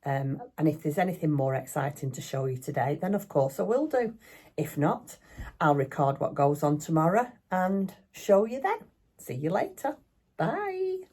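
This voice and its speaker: A woman's voice: low-pitched, lively intonation, normal speed, darkish tone, husky. An older woman, chatting casually and rambling a little as she films a craft vlog in her home craft room. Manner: chatty, rambling, self-deprecating. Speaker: craft vlogger. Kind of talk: casual chat.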